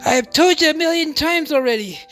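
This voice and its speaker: Woman playing a grimly calm, stubborn young guy, low and measured, for a game dub. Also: soft background music. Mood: firm.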